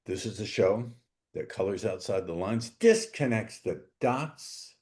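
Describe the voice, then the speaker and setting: A man's voice: fairly low pitch, expressive, unhurried, darkish tone. A man hosting a podcast interview, joking and talking with theatrical emphasis. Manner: playful, jokey, theatrical emphasis. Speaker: podcast host.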